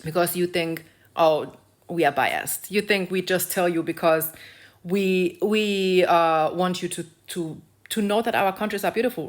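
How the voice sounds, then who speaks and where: Casting: young woman from Africa, mid-pitched voice, blunt and profane, lecturing rant to camera. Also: fairly bright tone. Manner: lecturing, repeats phrases for emphasis. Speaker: video creator. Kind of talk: ranting social commentary vlog.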